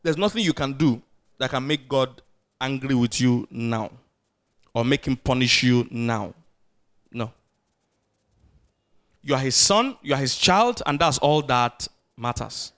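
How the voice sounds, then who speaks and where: A man preaching a sermon as pastor, animated, drawing responses from the congregation. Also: mid-range voice, measured pace, pauses often.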